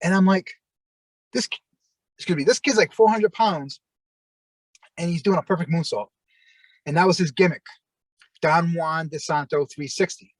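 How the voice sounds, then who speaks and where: Animated, cursing wrestler telling a story. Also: male voice, fairly high pitch, moderate pace, long pauses, no echo, poor audio. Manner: animated, profane, acts out his own shouting. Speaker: former pro wrestler, interview guest. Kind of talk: casual storytelling in an interview.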